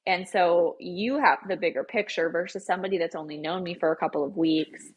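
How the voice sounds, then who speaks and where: A young woman co-hosting a podcast, talking in a chatty, animated, over-explaining way. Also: lowish voice, a little fast, slightly rough. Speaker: podcast co-host. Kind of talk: casual chat.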